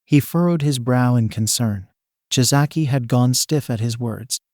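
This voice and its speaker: A man's voice: medium pitch, measured pace, a little mellow, no room sound, clean studio sound. A man steadily narrating a fan fiction story.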